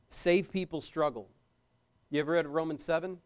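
A man's voice: fairly high pitch, fairly even intonation, normal speed, clean tone. A young man preaching a sermon as a pastor, emphatic, repeating key phrases and questioning his listeners.

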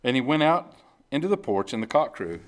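A man preaching a conversational sermon at a church service, reading scripture slowly and often repeating himself. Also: mid-range voice, very animated. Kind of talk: informal sermon.

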